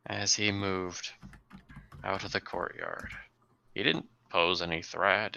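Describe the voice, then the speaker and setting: A man running a tabletop role-playing game as game master, narrating the story for his players and sometimes dropping to a hush. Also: deep voice, fairly even intonation, takes it slowly, gravelly, long pauses, clear, resonant tone. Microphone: desk mic on a live stream.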